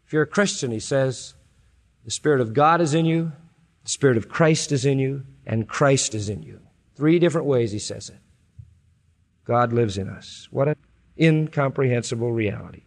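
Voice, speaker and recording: A male preacher delivering a sermon, reading scripture slowly and building to loud, high-pitched emphasis before dropping back low. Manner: emphatic, rising sharply in pitch and volume at climaxes, then dropping low and slow; reads scripture aloud with drawn-out, deliberate phrasing. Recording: long hall reverb.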